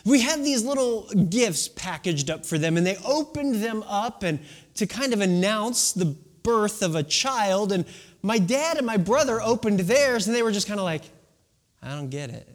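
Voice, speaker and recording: A man in his thirties preaching a sermon, telling stories with drawn-out, dramatic phrasing and sometimes dropping to a hush for emphasis. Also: high voice, expressive. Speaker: pastor.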